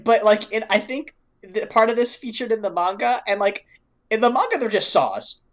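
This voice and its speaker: A woman's voice: a little high, very animated, moderate pace. A woman co-hosting a podcast in casual chat. She laughs often and fills her sentences with "like". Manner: chatty, laughing, lots of "like". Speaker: podcast co-host.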